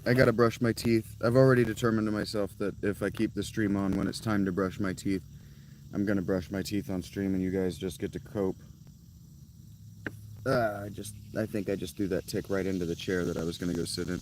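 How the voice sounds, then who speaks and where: A man with a fairly low voice streams live from outdoors near his tent. He chats casually with viewers, rambling and correcting himself as he goes. Faint insect buzz sits behind him. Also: steady tone, a little fast, a little mellow, slight background noise, rough recording.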